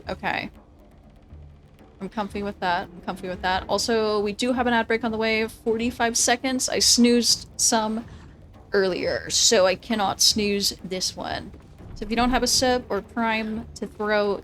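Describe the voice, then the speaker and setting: Chatty woman streaming a game. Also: mid-range voice. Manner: chatty, laughs often, swears casually; thinks out loud through tactics. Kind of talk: casual gameplay commentary.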